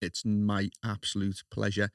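A man's voice: fairly low pitch, monotone, a little slow, dry recording, clean studio sound. A man with a Scouse accent hosting a podcast interview, friendly and chatty, often laughing at his own slips. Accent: Liverpool Scouse. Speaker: podcast host.

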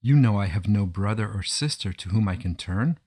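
A man's voice: fairly low pitch, lively intonation, normal speed, a little mellow, husky. A man voicing a poor, humble husband who speaks in an earnest, pleading way in a storybook telling. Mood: weary refusal. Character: poor devout husband, middle-aged, desperate and humble.

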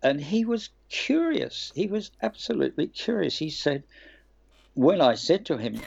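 An older man from Australia, a voice actor telling lively stories in an interview and laughing now and then. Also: on the high side, normal speed, gravelly, breathy edge. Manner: lively storyteller, laughs and acts out quotes. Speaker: guest voice actor. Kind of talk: anecdotal interview chat. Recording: dull lo-fi remote line.

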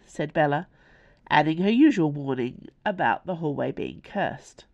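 Expressive, gravelly woman narrating. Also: deep voice, a little slow, dull audio. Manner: expressive storytelling. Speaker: author reading her own novella. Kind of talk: scripted narration.

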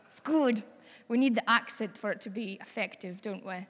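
A woman's voice: medium pitch, normal speed, long reverb tail. A woman with a Scottish accent preaching a sermon in a chatty, earnest way that rises to bold exhortation.

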